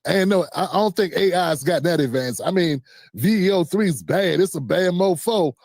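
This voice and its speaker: A man's voice: high-pitched, lively intonation, moderate pace, gravelly, a little mellow, no room sound. Sarcastic man with a dry sound. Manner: sarcastic, joking storyteller, slangy. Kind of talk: live-stream commentary.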